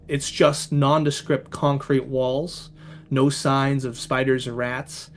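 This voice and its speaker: A man narrating a tabletop horror game as game master, setting scenes slowly and dramatically. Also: medium pitch, level tone, slight background noise.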